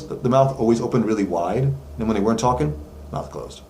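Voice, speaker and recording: A man's voice: on the low side, expressive, a little fast, warm tone. Chatty man coaching singing, echoey room. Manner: loose and chatty, many fillers, demonstrates with sung notes. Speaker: vocal coach. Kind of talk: casual vocal lesson to camera. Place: voice lesson studio. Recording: echoey room, faint background noise.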